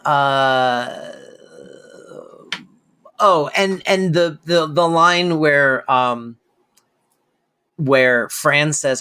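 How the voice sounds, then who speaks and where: A man's voice: on the high side, extremely slow, long pauses, sharp tone, smooth. A man co-hosting a podcast in casual chat, talking in a loose, hesitant way with many fillers. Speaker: podcast co-host.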